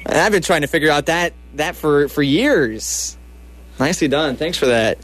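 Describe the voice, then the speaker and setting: Chatty radio guy hosting a morning show, a bit high voice, jokes around. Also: normal speed, a bit bright, a little hiss or hum. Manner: joking, chatty. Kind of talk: casual morning radio chat.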